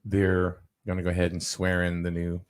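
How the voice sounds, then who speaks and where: A man hosting a casual local talk show, animated and quick with quips. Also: sits low. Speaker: radio show host.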